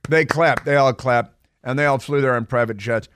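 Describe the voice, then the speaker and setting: A man's voice: medium pitch, normal speed, noisy background. A man hosting a talk radio show, delivering a sarcastic monologue with mocking asides from a studio microphone.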